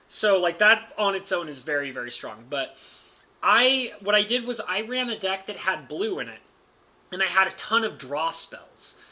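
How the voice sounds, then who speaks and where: A man streamer telling a casual, excitable story about a card game, packed with "like" fillers and bursts of laughter. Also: high-pitched, moderate pace.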